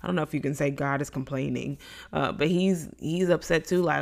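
A woman's voice: low-pitched, moderate pace, creaky. A woman giving a casual Bible lesson, talking conversationally and acting out the complaints she quotes. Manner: conversational, acts out quoted complaints in lively voices. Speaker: Bible study teacher.

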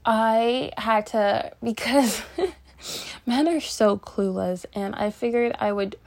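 A woman's voice: a little high, slow pace. A young woman hosting a podcast, chatting in a casual, rambling way with lots of fillers and restarts as she tells a personal story. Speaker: podcast host.

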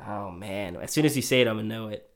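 A man's voice: on the low side, quick pace, gravelly. A man in his mid-twenties talks loosely with a buddy on a podcast. He jokes, rambles and circles back on himself in casual chat. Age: 20s. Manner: joking, rambling storyteller. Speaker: podcast co-host.

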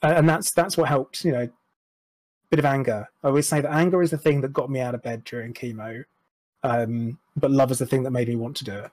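A man's voice: medium pitch, steady tone, fairly quick, a little mellow, no echo. A young man talking candidly as an interview guest, frank and rambling, with restarts and self-deprecating asides. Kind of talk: candid personal conversation.

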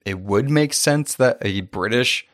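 A man co-hosting a podcast in casual chat, animated, often laughing, his pitch jumping high when excited. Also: a little slow. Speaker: podcast co-host.

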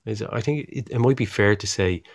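A lowish Irish male voice in relaxed podcast chat, wandering through anecdotes with fillers and casual swearing. The sound is close and dry with no room at all. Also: a little fast, vocal fry, no room sound. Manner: rambling storyteller, swears freely, many fillers. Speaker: podcast co-host.

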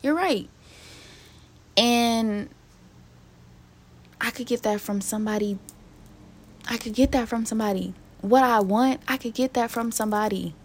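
On her casual solo podcast, a young woman vents to her listeners, raw, candid and swearing. Her voice is a little high and a little slow, with frequent pauses, and she sounds hurt and near tears.

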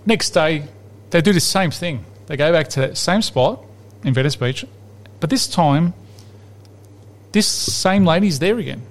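A man's voice: a little high, unhurried. A man, a podcast host telling a long rambling joke in casual chat. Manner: rambling, lively, laughs at his own joke.

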